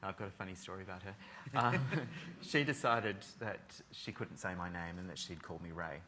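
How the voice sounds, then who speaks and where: A man's voice: deep voice, normal speed, bright, forceful tone, slight background noise. A man, a fashion designer, telling dry, funny stories about his school days in a casual interview. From Australia. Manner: wry, dry storyteller. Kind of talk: casual chat.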